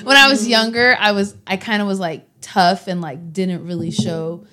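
Young woman co-host, casual and candid, quick to laugh at herself. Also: medium pitch, steady tone, bright, forceful tone. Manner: candid, laughs often, jokes about herself. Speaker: podcast co-host. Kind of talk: casual chat.

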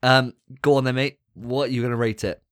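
A man's voice: mid-range voice, steady tone, a little fast, fairly bright tone, no room sound, studio quality. A man co-hosting a casual gaming podcast, teasing the others with sarcastic banter. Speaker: podcast co-host.

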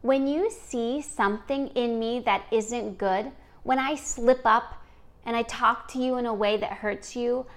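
A woman hosts a podcast, talking to her listener in an earnest, encouraging way. Her voice sits a little high, and she takes her time, letting each phrase land slowly. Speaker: podcast host. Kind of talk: scripted podcast monologue.

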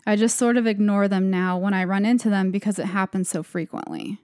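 A woman's voice: medium pitch, steady tone, brisk, dark tone, clean tone, no room sound, studio quality. A young woman co-hosting a podcast, casually retelling creepy stories with lots of "like" fillers. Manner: rambling with frequent "like" fillers. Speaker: podcast co-host. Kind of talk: casual storytelling chat.

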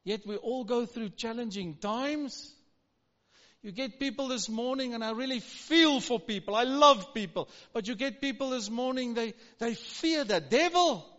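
A high-pitched middle-aged man preaching slowly and deliberately, pressing the crowd with calls for a response. His sermon rings through a church hall with a long reverb, and the recording sounds muffled and dull. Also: animated, a bit bright. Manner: emphatic call-and-response preaching. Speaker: pastor.

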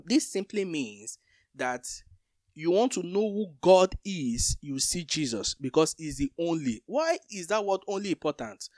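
A man's voice: a little high, expressive, measured pace, a little mellow, no room sound, clean studio sound. A man co-hosting a Bible teaching talk, explaining scripture with everyday comparisons.

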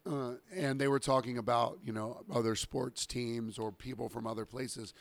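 Hoarse Southern man, podcast co-host, relaxed chat, gravelly voice, dry booth sound. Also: mid-range voice, moderate pace, no room sound. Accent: light Southern US. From Southern US, Savannah area. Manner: laid-back, swears freely.

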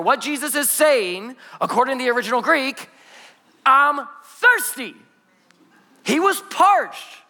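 A man in his thirties preaching an energetic, conversational sermon, lively and joking with playful asides as he tells stories. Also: very high voice. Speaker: pastor. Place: church auditorium. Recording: long hall reverb in a church.

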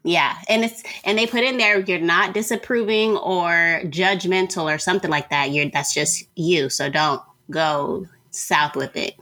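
A woman co-hosting a podcast in casual chat, expressive and playful, joking and laughing as she talks. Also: fairly low pitch, measured pace, hardly any pauses. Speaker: podcast co-host.

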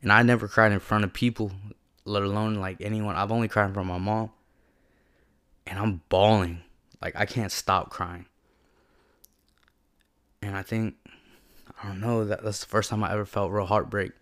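Earnest young man, low flat voice. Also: normal speed, long pauses. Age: young adult. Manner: casual and slangy, heavy use of "like", earnest and emotional. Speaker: storyteller. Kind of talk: personal reflective monologue.

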